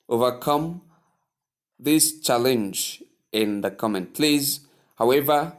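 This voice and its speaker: Slow, deliberate male pronunciation teacher. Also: mid-range voice. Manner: repeats words slowly, drills the listener. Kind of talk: slow, deliberate spoken lesson.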